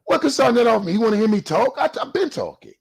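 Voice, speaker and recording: Heated, gravelly man ranting on camera. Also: very high-pitched, sing-song, racing. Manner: heated, profane, street-preacher cadence. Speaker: YouTube commentator. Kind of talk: ranting response video.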